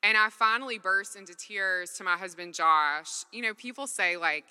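At a faith gathering, a woman tells her personal testimony from a stage, her medium-pitched voice sharp, clear, and resonant at a moderate pace. She's earnest and casual, often saying "like," and the big hall leaves a long reverb.

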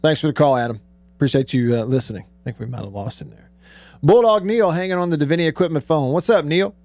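A man's voice: on the high side, fast, darkish tone, dry recording. A man hosting a radio show, talking casually, joking and telling stories at a studio mic. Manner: chatty, joking storyteller. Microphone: studio microphone.

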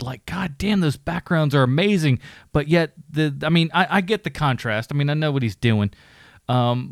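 A man's voice: a little high, no room sound, studio quality. A man co-hosting a podcast, casually reviewing films, rambling and swearing, with frequent laughs. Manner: profane, rambling, laughs often. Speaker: podcast co-host. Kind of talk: casual film review chat.

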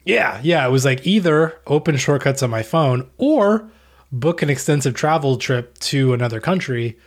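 Male podcast co-host, mid-pitched, casual and rambling, deadpan humor. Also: moderate pace. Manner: dry, rambling, deadpan jokes. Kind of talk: casual chat.

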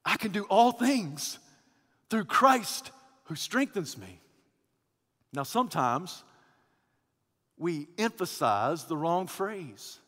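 Male pastor, sermon, high bright voice, rhythmic refrains, echoey hall. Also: very animated, slow pace. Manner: rhythmic, repetitive preaching cadence.

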